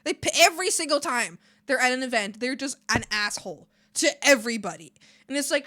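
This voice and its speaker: A woman streamer chatting casually while she draws, animated and swearing freely, breaking into laughs and shouts. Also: high voice, brisk, no echo, studio quality.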